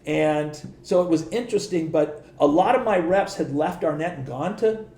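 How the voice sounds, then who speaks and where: Middle-aged man, podcast guest, rambling storyteller, acts out quotes, dark mellow voice, echoey room. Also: fairly high pitch, moderate pace. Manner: rambling anecdotes, acts out quoted dialogue, frequent restarts, swears. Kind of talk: casual interview storytelling.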